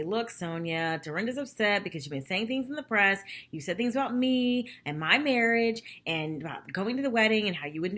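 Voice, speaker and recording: Brief: young woman, lively gossipy recap vlogger, bright voice. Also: medium pitch. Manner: chatty, gossipy, animated quoting of others. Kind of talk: casual chat.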